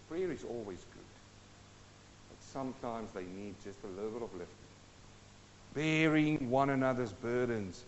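A man's voice: on the low side, animated, moderate pace, slight background noise. A man preaching a sermon as pastor, exhorting his listeners with rhetorical questions. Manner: exhorting, rhetorical questions, sings a hymn line. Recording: dull, long-reverb church hall.

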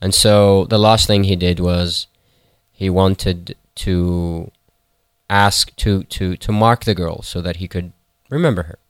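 A man retells a folktale, pausing and correcting himself as he goes. His voice is very deep and smooth, and the recording is close and dry. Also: steady tone, dry recording. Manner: halting, with fillers and self-corrections. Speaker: storyteller.

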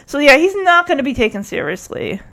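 A woman's voice: big pitch swings, fairly quick, fairly bright tone. A woman giving casual, opinionated commentary while reacting to a TV episode. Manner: chatty, opinionated, drifting pitch with mimicry.

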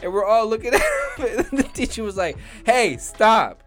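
A man's voice: sits high, fast, soft background music. A man co-hosting a comedy podcast, telling rambling crude stories, swearing and laughing a lot. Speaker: podcast co-host.

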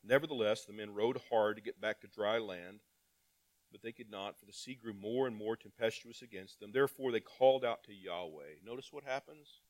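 Here a male preacher with a lowish voice speaks at a moderate pace through his sermon. He reads scripture aloud and asks his listeners rhetorical questions, trading loud, emphatic calls for soft asides.

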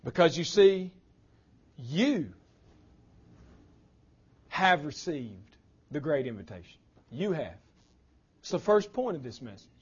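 A man preaching a sermon as pastor, impassioned, his voice swinging from loud declarations to hushed lines. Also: a little high, big pitch swings, slow, long pauses, slightly rough, highs cut off.

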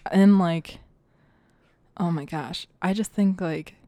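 A young woman hosting a casual podcast chat, giggly and self-deprecating with quick joking asides. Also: fairly low pitch, dark tone, no echo. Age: young adult. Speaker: podcast host.

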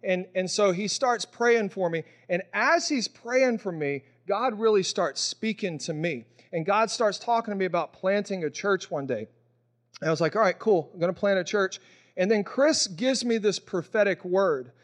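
A young pastor from Mississippi speaks with a fairly high voice. He preaches in a relaxed, conversational way, folding prayer into personal testimony. He is openly emotional and acts out the voices of the people in his stories. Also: normal speed. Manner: casual, storytelling, emotional, acts out quoted voices.

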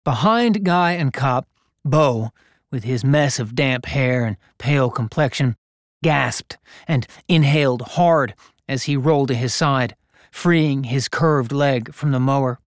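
A man reading a gritty story aloud in a measured, deliberate narration. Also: medium pitch, no echo, studio quality. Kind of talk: scripted narration.

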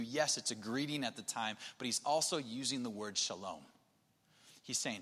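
A man preaching a sermon, moving between soft near-whispered passages and emphatic, raised stretches. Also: mid-range voice, normal speed, slightly rough, big-room sound. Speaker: pastor.

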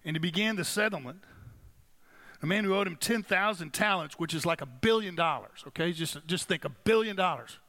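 A man pastor preaching a sermon in a conversational, emphatic way, slowing down to stress key phrases. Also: sits high, lively intonation, bright, forceful tone.

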